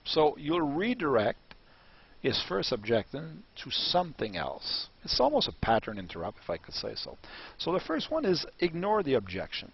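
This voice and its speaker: A man teaching a coaching lesson on negotiation, animated and acting out small dialogues as he explains. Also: a little high, normal speed, breathy edge. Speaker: business coach. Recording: dull lo-fi recording.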